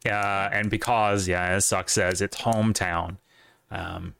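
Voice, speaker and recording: A man's voice: deep voice, steady tone, takes it slowly, vocal fry, fairly bright tone, clear, resonant tone. A man with a light Southern accent, chatting casually on a podcast in a rambling, profane way. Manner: rambling, profane, lots of restarts. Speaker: podcast co-host.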